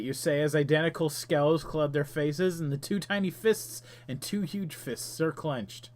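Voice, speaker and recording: A man's voice: fairly high pitch, unhurried, hardly any pauses. A man hosting a game stream, chatting casually and reading the game's text aloud while muttering to himself as he plays.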